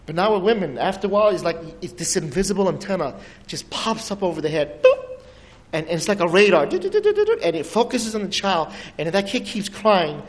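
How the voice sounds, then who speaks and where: A man preaching a sermon, telling stories with lively swings between soaring highs and hushed lows. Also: quick pace. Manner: animated storytelling with dramatic pitch swings and soft drops. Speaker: pastor. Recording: long hall reverb.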